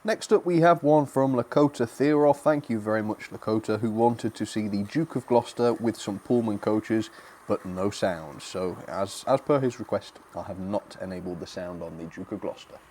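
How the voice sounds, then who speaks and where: Young man, live-stream host, friendly chatty delivery, slightly low pitch, light background hiss. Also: normal speed, a little mellow. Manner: chatty, cheerful, frequent fillers and small laughs. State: a bit out of breath. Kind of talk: live stream chat, thanking viewers.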